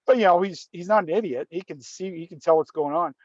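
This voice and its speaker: A man's voice: high-pitched, quick pace, no room sound, lo-fi sound. A man telling a story in casual conversation, often restarting and repeating words. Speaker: guest storyteller.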